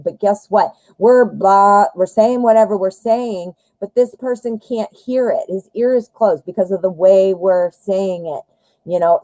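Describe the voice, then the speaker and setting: A woman's voice: mid-range voice, dark tone, no echo, low-quality recording. A woman giving a live-stream tarot reading, chatting directly to viewers with lots of fillers and friendly asides. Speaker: tarot reader.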